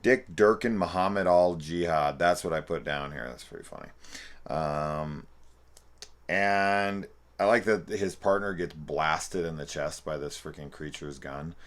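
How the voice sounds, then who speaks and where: A man with an extremely low, deep voice talks through a film review in a loose, rambling way. He swears freely, laughs at the scenes he recounts and keeps restarting his sentences. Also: a little slow. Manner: rambling, profane and amused, with loose restarts and playful quoting. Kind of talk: casual spoken movie review.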